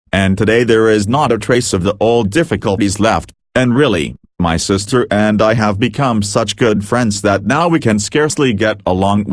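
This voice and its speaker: A man reading a book aloud in measured, earnest scripted narration. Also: on the low side, no room sound, studio quality. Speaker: audiobook reader.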